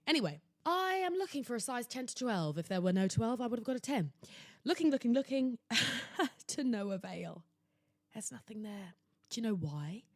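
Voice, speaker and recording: A young woman hosting a podcast, talking in a theatrical, exclamatory way that jumps between loud outbursts and hushed asides. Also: on the high side, dry recording, clean studio sound. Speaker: podcast host. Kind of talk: casual chatty monologue. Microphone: laptop recording setup.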